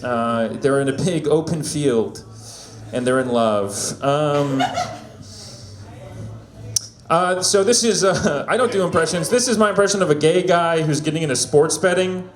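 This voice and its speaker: A man doing stand-up at an open mic with a fairly high voice. He delivers his jokes deadpan, with lots of hesitant ums and little laughs. The room is echoey. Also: measured pace. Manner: awkward deadpan with nervous fillers and laughs. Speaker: stand-up comic. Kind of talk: stand-up set. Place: small venue open mic.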